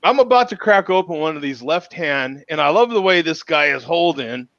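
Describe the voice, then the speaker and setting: A man hosting a casual video-call beer chat, jokey and laughing often, with halting restarts. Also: on the high side, expressive, a bit bright, no room sound. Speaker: host. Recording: muffled lo-fi call audio.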